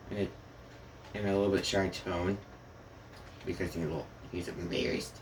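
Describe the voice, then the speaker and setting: A man's voice: deep voice, flat delivery, normal speed, pauses often, noisy background. A man casually retelling a fan story in a rambling way, often saying "goes like" between lines.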